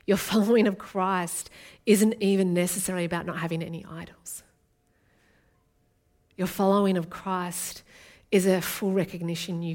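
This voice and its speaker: A woman's voice: fairly low pitch, fairly even intonation, moderate pace, darkish tone. Earnest woman preaching. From Australia. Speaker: guest preacher. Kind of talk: sermon.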